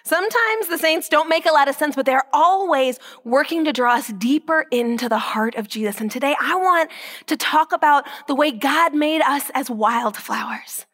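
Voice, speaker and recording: A woman with a high voice gives an inspirational Catholic talk and tells the stories with lively energy. She drops into a hushed whisper for emphasis and slows right down on the words that matter. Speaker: Catholic speaker.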